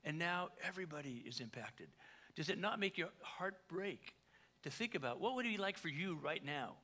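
A man, a pastor, preaching a sermon in a conversational way, with joking asides and big swings between quiet and loud. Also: a little high, expressive, moderate pace.

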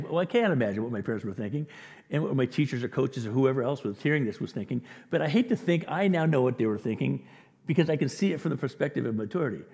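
A man preaching a sermon as a pastor, animated and acting out the voices of the people in the story. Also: medium pitch, fast talker, breathy edge. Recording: echoey hall with long reverb.

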